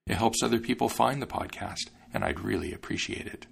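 A man hosting a podcast, narrating a fairy tale in an expressive reading voice. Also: on the low side, a little fast, gravelly. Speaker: podcast host and reader. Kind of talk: storybook narration.

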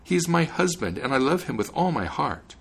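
A man's voice: a little high, sing-song, a little fast, creaky, slightly rough, voice pushed up, heavily acted. A man voicing a young bride in a fairy tale, pleading and earnest. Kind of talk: storybook reading.

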